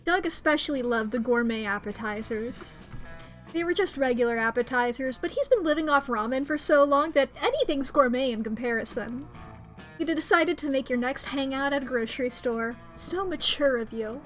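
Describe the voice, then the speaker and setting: Woman streamer reading a dating game aloud. High, bright voice, excitable delivery with frequent squeals. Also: normal speed, faint music behind.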